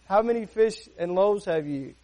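High-voiced man preaching conversationally. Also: lively intonation, normal speed, dark tone. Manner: conversational preaching with rhetorical questions. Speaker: pastor. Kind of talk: sermon.

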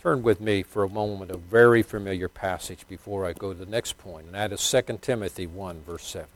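Briskly, an older man preaches, moving from loud, emphatic bursts down to soft, low asides. He laughs a little and puts questions to his congregation.

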